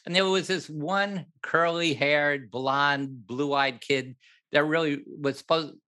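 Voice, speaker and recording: Older man telling an animated anecdote. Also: fairly high pitch, slow. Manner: animated, acts out other people's lines, laughs at his own story. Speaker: film director guest. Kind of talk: anecdotal storytelling in an interview.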